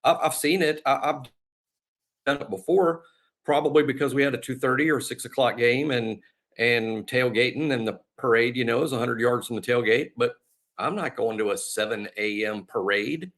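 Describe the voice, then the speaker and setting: A man's voice: mid-range voice, moderate pace, fairly bright tone. A man co-hosting a casual sports podcast, with laid-back, wry remarks. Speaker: podcast co-host.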